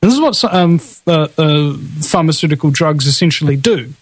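A man's voice: fairly high pitch, lively intonation, brisk, husky, no echo, poor audio. A man hosting a casual online show, rambling with many restarts. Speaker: show host.

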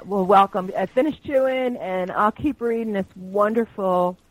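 A woman's voice: medium pitch, moderate pace, no echo, rough recording. A woman hosting a live internet talk radio show, chatty and gushing, laughing often between remarks.

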